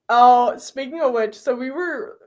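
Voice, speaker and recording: A woman's voice: high-pitched, a little mellow. Giggly, chatty young woman streamer. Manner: giggly, chatty, lots of fillers and laughter. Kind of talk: casual live stream chat with viewers.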